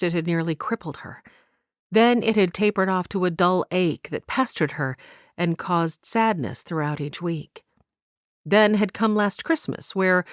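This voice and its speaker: Female audiobook narrator, low register, dry studio read. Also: no echo. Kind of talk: scripted narration.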